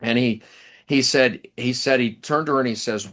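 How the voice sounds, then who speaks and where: A middle-aged man, an author and professor, telling stories in an interview with many restarts and pauses. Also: medium pitch, fairly bright tone. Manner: rambling, halting anecdotes with many restarts. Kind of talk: storytelling in a casual interview.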